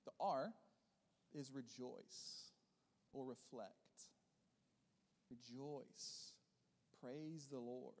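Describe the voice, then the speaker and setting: A man preaching a sermon as a pastor, rising into loud emphatic bursts and then dropping into softer, quieter teaching. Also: mid-range voice, takes it slowly, pauses often, big-room sound.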